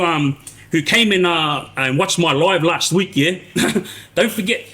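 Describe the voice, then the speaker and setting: A man's voice: high-pitched, fairly bright tone. A man tells a long story on a casual live stream, restarting sentences and tagging them with "yeah?". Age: 40s. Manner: rambling, restarts, frequent tag "yeah?". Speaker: live streamer recounting prison life.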